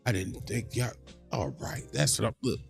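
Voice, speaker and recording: A man hosting a casual reaction livestream, animated and profane, talking straight to his chat. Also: fairly low pitch, normal speed, vocal fry, soft background music. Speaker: livestream host.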